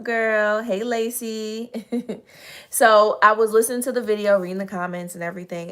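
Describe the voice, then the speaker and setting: A woman hosting a casual motivational livestream, chatty and earnest, slightly hoarse, greeting viewers by name as she talks. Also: on the low side. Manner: earnest, encouraging, addresses audience as y'all. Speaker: livestream host.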